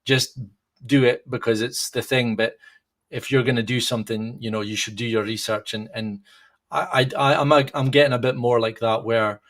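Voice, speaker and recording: Man, thirties, casual rambling podcast co-host, mid-pitched voice. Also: fairly even intonation, normal speed, a bit bright. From United Kingdom. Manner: rambling, many restarts and fillers. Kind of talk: casual chat.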